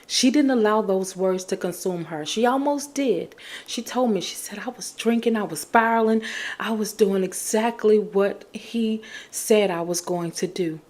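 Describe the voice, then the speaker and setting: A woman's voice: medium pitch, unhurried, a little mellow. A woman hosting a podcast, talking in an emphatic, encouraging way and repeating her key phrases. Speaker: podcast host. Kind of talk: casual motivational talk.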